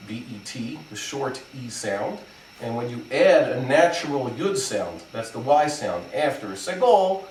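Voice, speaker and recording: A male rabbi giving a methodical lesson on pronunciation, spelling out examples and pausing on fillers as he explains. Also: medium pitch, far from the mic. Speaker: rabbi teaching Hebrew pronunciation. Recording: echoey room, voice from off the mic, faint background noise.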